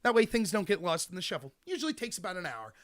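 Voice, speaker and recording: Animated high-voiced man. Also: quick pace. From United States. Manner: animated, opinionated, addresses listeners directly. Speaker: host. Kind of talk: political commentary monologue.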